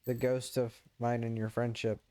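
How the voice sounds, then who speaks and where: A man's voice: mid-range voice, flat delivery, moderate pace, mellow, slight background noise. A man chatting while gaming over voice chat, answering with dry, joking comebacks.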